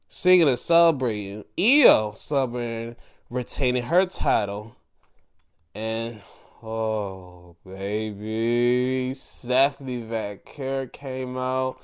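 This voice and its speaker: Slow, animated man reviewing wrestling. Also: clear, resonant tone. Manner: excitable, swings into high-pitched reactions, laughs. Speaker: show host reviewing wrestling. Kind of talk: casual solo review.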